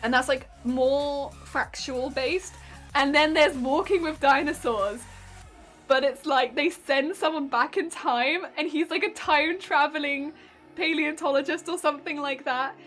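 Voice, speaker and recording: Young woman, high voice, chatty and giggly, live stream, faint background music. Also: fairly bright tone. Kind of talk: casual chat while sewing.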